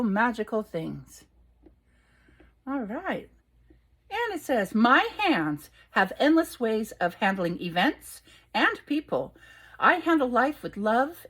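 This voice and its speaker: An older woman reading oracle cards aloud in a relaxed vlog, delighted and unhurried. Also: fairly high pitch. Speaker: oracle card reader. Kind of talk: casual card reading vlog.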